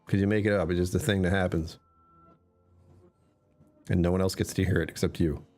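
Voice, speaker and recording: A man's voice: low voice, fairly even intonation, fairly quick, a little mellow, faint music behind. A man streamer chatting casually with his live chat, answering comments and laughing often.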